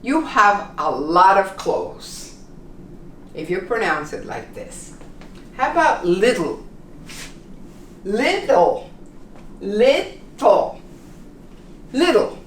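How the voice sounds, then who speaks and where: A woman teaches pronunciation very slowly and deliberately, and her pitch moves about a lot as she models each word. Her voice sits a little back from the mic in a roomy space with faint background ambience. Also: recorded from a distance, slight background noise. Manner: slow, deliberate, repeats words for learners. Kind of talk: pronunciation lesson.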